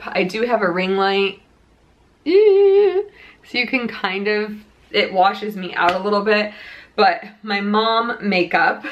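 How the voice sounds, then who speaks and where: A woman's voice: mid-range voice, fairly bright tone. A young woman talks breathlessly, her voice in a middle range. She rambles casually from home, with restarts and fillers. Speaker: vlogger. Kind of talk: casual pregnancy update vlog. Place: home room lit by a ring light.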